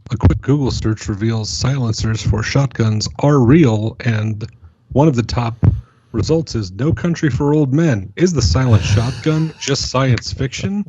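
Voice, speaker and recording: A man's voice: mid-range voice, unhurried, dark tone, slightly rough. A man co-hosting a podcast, talking about films in a wry, casual way. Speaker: podcast co-host. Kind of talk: casual film discussion. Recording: dry dull lo-fi audio.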